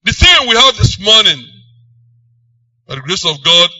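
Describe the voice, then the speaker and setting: Bright-voiced Nigerian man preaching. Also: high voice, sing-song, a little slow, no room sound, far from the mic, lo-fi sound. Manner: emphatic, with sudden swings between loud and soft. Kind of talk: sermon.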